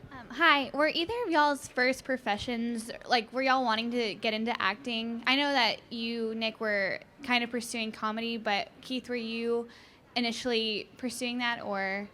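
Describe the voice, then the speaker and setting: Higher bright woman, rambly question, keeps rephrasing. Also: steady tone, normal speed, a little hiss or hum. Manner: rambling, self-correcting question. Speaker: audience member asking a question.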